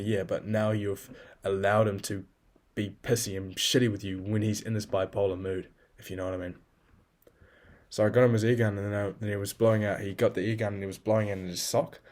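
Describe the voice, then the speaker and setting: Male journal vlogger, lowish voice, blunt and profane, self-critical. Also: darkish tone. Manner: scolds himself in the second person. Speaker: video journal keeper. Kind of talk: casual self-talk journal.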